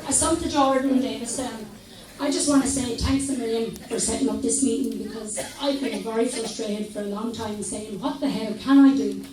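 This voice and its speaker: An Irish woman speaks up at a public meeting, frustrated and indignant, plain-spoken. Her voice is high but mellow. She is heard from a distance in an echoey hall. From Ireland. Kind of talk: impassioned speech from the floor. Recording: echoey hall, mic from far off.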